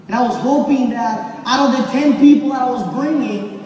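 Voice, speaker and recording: Man shouting motivation in an echoing hall. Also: very high voice, normal speed, highs cut off. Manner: repetitive, rising to shouts, audience call-and-response. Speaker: motivational speaker at a business event. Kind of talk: motivational stage speech. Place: large event hall with audience. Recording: echoey hall from far off, crowd. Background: audience laughter and murmur.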